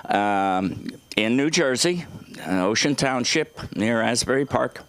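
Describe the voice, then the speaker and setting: A middle-aged man doing an open mic stand-up set on a small club stage, telling stories in a halting, rambling way full of fillers and restarts. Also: mid-range voice, expressive, fairly bright tone, dry recording.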